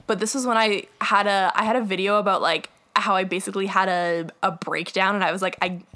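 A young woman from Canada, a podcast guest chatting over a video call, telling animated stories with lots of "like" and laughter. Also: mid-range voice, fairly quick. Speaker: guest, TikTok creator. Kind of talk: casual podcast chat. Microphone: remote video call.

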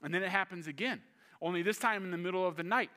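A man in his thirties preaching a sermon, telling a personal story in an animated way. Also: high voice, fast. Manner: animated storyteller, shifting to calm teaching. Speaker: pastor.

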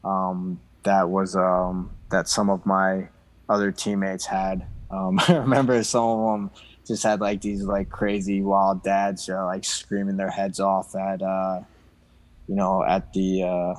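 A man who plays hockey, talking in a casual chat, halting with lots of fillers. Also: deep voice, little pitch movement, low-quality recording. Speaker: guest, hockey player.

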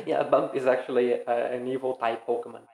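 A man's voice: medium pitch, fairly even intonation, fairly quick, a little mellow, reverberant, poor audio. A man co-hosting a podcast in casual chat, joking and teasing. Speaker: podcast co-host.

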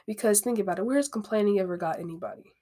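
A woman's voice: medium pitch, rapid-fire, warm tone. A woman hosting a podcast, talking through self-help advice in a candid, conversational way, with frequent asides and repeated phrases. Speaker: podcast host. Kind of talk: casual self-help monologue.

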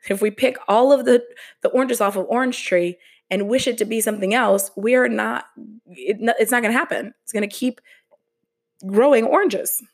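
A woman hosting a motivational podcast, talking slowly and earnestly in a casual way, with the odd swear word. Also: on the high side. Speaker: podcast host.

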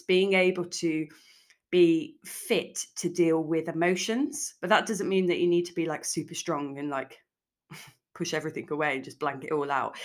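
A woman hosting her own podcast as a food coach, talking casually and frankly with lots of "like". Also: low voice. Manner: chatty, frank, peppered with "like". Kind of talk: casual solo podcast talk.

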